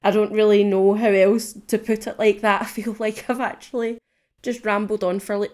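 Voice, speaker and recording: A woman's voice: mid-range voice, a little mellow. A young woman hosting a solo podcast, talking candidly and rambling a little, laughing often and swearing casually. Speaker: podcast host.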